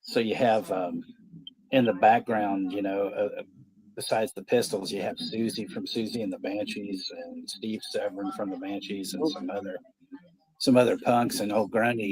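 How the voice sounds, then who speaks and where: A man's voice: lowish voice, fairly even intonation, normal speed, a crowd in the background, poor audio. A man in his fifties with a Texan accent, hosting a casual watch-party stream and rambling through stories with plenty of swearing. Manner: rambling storytelling, heavy swearing. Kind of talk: casual livestream chat.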